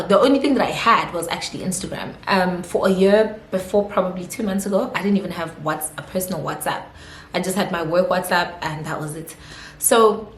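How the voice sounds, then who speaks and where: Young woman, South African accent, casual Q&A vlog, giggly, roomy echo. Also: fairly low pitch. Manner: chatty, giggly, lots of fillers. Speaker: YouTuber. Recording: echoey room.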